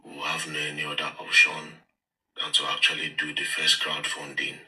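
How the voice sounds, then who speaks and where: A man's voice: a bass voice, completely flat delivery, moderate pace, sharp tone. A man giving a blunt, direct recorded video statement. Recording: echoey room, from a distance.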